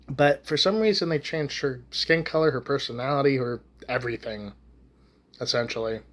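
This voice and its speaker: A man's voice: medium pitch, moderate pace. Rambling, foul-mouthed man ranting. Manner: profane, rambling, with many restarts and fillers. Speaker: YouTube ranter. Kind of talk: casual rant to camera.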